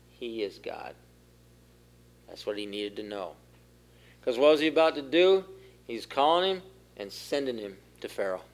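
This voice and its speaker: A man giving a sermon as pastor, asking the congregation questions and growing louder at the key points. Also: medium pitch. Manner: asks the room questions, rises in force for key points. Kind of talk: interactive sermon.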